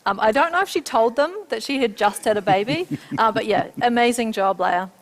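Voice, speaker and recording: Woman co-host, casual and chatty, fairly high voice. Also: a little fast, low-quality recording. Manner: chatty, laughing asides. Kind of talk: casual chat.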